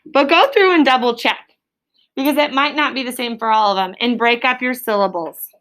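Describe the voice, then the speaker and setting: Bright, somewhat high woman teacher in a classroom, stretching out spelling words for third graders. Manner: clear, drawn-out word sounding. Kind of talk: classroom phonics lesson.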